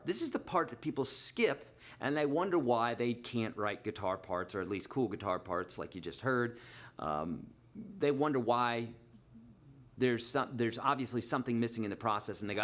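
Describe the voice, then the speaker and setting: A man's voice: medium pitch, lively intonation, normal speed. A middle-aged man teaching guitar in a live online lesson, chatty and explaining with everyday examples. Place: Nashville.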